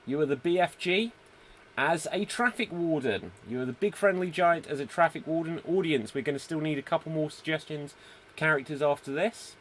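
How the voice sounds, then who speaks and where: A man's voice: on the high side, brisk, fairly bright tone, slight background noise. A man hosting a live online improv show, reading viewer comments and setting up scenes. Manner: easygoing, reads out viewer comments, sets up scenes. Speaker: host.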